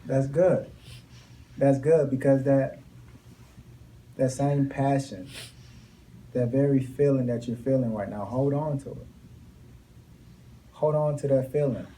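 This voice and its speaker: A man's voice: medium pitch, fairly even intonation, slow, pauses often, warm tone, slight background noise. A young man giving a motivational speech to a class in a classroom, emphatic and repeating his key lines with rising intensity. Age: young adult. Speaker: motivational speaker.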